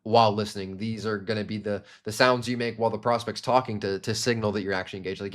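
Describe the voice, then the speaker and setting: A young man with a fairly low voice teaches sales techniques in an instructional monologue. He talks with energy and now and then slips into short acted example lines to show a tone. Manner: energetic, demonstrates tones with quick acted examples. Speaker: sales coach.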